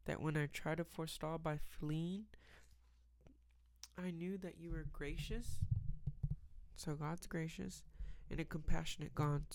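A man giving a casual, rambling Bible reflection, reading verses aloud and filling pauses with "um" and "like.". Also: on the high side, steady tone, dry recording. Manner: rambling, many fillers, reads scripture aloud.

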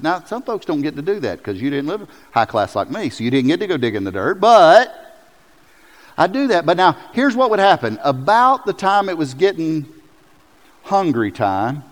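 A man preaching a sermon as pastor, telling stories with lively, acted-out quotes. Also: on the high side. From South Carolina. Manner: animated storytelling, jumps into loud acted quotes. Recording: long hall reverb.

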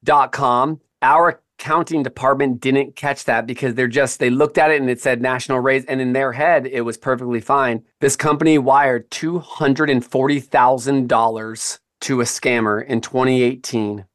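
A man hosting a podcast, telling stories in a casual, animated way and often checking in with "right?" and "man". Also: medium pitch, moderate pace, hardly any pauses. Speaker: podcast host.

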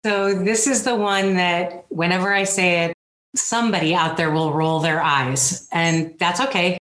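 A woman's voice: fairly low pitch, steady tone, unhurried, fairly bright tone, roomy sound. A woman speaking as an interview guest, earnest and rambling, with self-deprecating humor. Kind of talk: candid personal interview.

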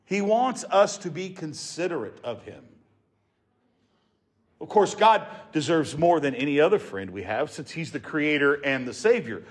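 A man's voice: a little high, big pitch swings, unhurried. A man preaching a sermon to his congregation in an earnest, emphatic way. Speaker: pastor.

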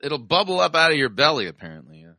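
A man's voice: on the high side, sing-song, quick pace, sharp tone, dry recording, clean studio sound. A man hosting a review show, commenting on sermon clips in a sarcastic, mocking way. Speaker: podcast host reviewing a sermon.

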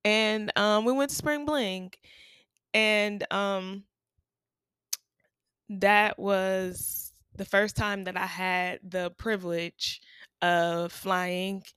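A teacher in her thirties hosts a podcast, telling stories in a casual monologue, chatty and laughing often, with drawn-out repeats. Her mid-range voice is steady, a bit bright and clean, recorded dry at studio quality.

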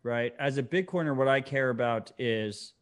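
Casting: mid-pitched man, blunt teasing co-host, loose and profane. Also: normal speed. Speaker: podcast co-host. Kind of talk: casual chat.

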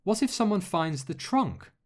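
A man's voice: sits high, sing-song, unhurried, pitched above the performer's own voice. A man voicing an earnest, flustered young witch girl who stammers when embarrassed. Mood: anxious.

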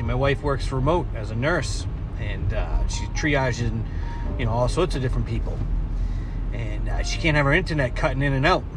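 A man, a podcast host chatting wryly from his car while driving. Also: mid-range voice. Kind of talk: casual chat responding to a listener.

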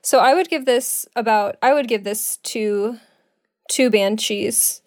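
A young woman co-hosting a podcast, chatting casually about beauty products she bought, self-deprecating and quick to laugh. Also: fairly high pitch, no room sound, clean studio sound. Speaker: podcast co-host. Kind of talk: casual chat reviewing products.

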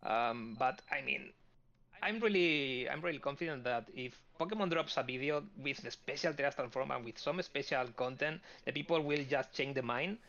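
A man's voice: mid-range voice, normal speed, a bit bright. A man who is a guest on a podcast, talking in casual chat and often stopping to search for words, with many fillers. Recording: dull lo-fi audio.

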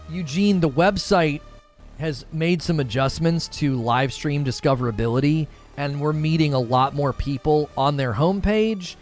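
A man's voice: fairly high pitch, darkish tone. A man in his thirties hosting a casual live stream, upbeat and chatty, thanking viewers by name. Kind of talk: casual chat reading viewer comments.

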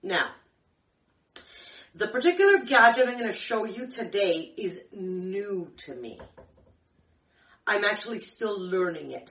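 A woman hosting a kitchen tips show, chatting casually in a rambling, self-correcting way, her throat a little dry from a candy in her mouth. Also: medium pitch. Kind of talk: casual demo chat. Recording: echoey room, far from the mic.

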